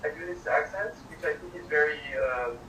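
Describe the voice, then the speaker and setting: A man's voice: fairly high pitch, fairly quick, sharp tone, reverberant, recorded from a distance, a little hiss or hum, low-quality recording. A man with a French accent, a native French speaker, talking hesitantly and searching for words. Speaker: voice actor guest.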